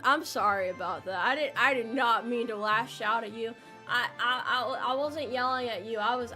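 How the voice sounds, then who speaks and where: A woman's voice: fairly high pitch, sharp tone. A young adult woman streamer chatting casually with her viewers in a playful, jokey way, with melodramatic outbursts. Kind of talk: casual livestream chat. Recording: faint music behind.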